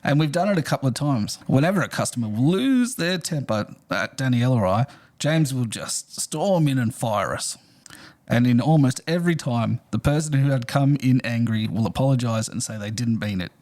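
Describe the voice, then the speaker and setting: A man's voice: mid-range voice, animated, normal speed, a little mellow. A man co-hosting a casual podcast, reading a listener's story aloud and laughing often as he goes. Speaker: podcast co-host.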